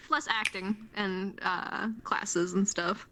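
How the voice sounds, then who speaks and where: A woman's voice: mid-range voice, very slow, background noise. A young Canadian woman as a guest on a streamed interview, chatting in an upbeat, earnest way and laughing often. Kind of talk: casual chat.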